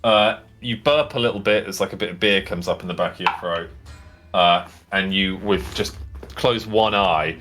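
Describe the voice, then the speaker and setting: A man's voice: low voice, normal speed, over music. A man narrating as game master of a tabletop game, in a casual, rambling way full of fillers.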